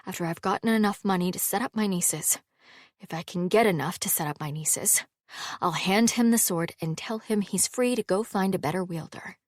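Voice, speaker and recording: A woman's voice: mid-range voice, normal speed, dry recording, clean studio sound, close to an everyday voice. Woman reading as a weary, wry housekeeper. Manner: tired, wry. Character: weary woman housekeeper, thirties, self-deprecating. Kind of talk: audiobook character reading.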